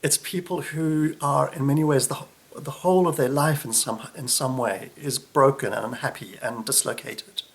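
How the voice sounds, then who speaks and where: A man delivering a reflective sermon, unhurried, often dropping soft and low at the ends of phrases. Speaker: preacher.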